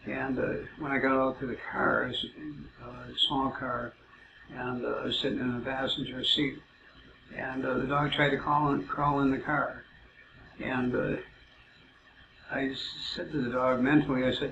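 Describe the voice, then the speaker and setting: Man, rambling halting storyteller, gravelly, monotone, echoey room, dull noisy audio. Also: mid-range voice. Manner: rambling, many "uh" fillers, halting. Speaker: self-described psychic telling stories. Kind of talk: casual storytelling. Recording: roomy, muffled, noisy amateur recording.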